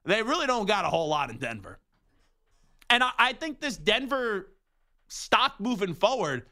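A man's voice: high-pitched, pushed and bright. A young man hosting sports radio, ranting with emphatic rhetorical questions. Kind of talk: opinionated sports talk monologue.

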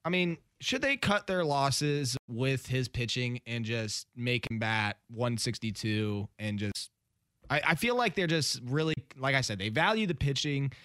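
A man's voice: medium pitch, measured pace, fairly bright tone, smooth, no room sound, studio quality. A man hosting a sports radio show in casual chat. He argues his points with stats and laughs along with his co-host.

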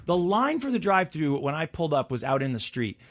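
A man in his forties in casual chat, an animated storyteller who acts out the people he quotes. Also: a little high, brisk. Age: 40s.

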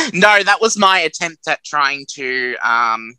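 A man's voice: on the high side, big pitch swings, takes it slowly, pushed and bright, smooth, dry recording, rough recording. A man co-hosting a community radio show, chatting casually in a rambling, self-mocking way and laughing at his own jokes.

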